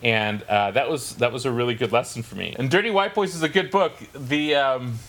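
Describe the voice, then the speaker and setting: A man's voice: medium pitch, a little fast, fairly bright tone. A middle-aged man, a novelist and podcast host, telling a self-deprecating anecdote in casual chat over a video call.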